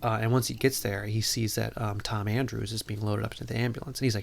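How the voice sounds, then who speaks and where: A man's voice: on the low side, level tone, quick pace, gravelly. A man hosting a podcast, recapping a movie plot in a casual, rambling way full of filler words, talking from a room at home. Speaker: podcast host.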